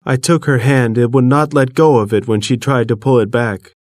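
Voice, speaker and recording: A man reading an audiobook in the first person, measured and earnest, recorded close to the mic. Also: mid-range voice, fairly even intonation, darkish tone, no room sound. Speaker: audiobook narrator. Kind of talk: first-person scripted narration.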